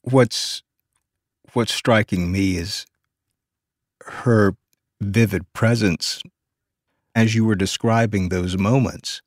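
A man's voice: lowish voice, fairly even intonation, slow, pauses often, no room sound, clean studio sound. A man interviewing a guest, asking questions in a thoughtful, hesitant way with frequent restarts. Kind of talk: conversational interview.

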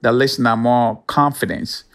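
A man with a Ghanaian accent, a motivational speaker talking slowly and earnestly in an interview. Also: mid-range voice, fairly even intonation. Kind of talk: interview talk.

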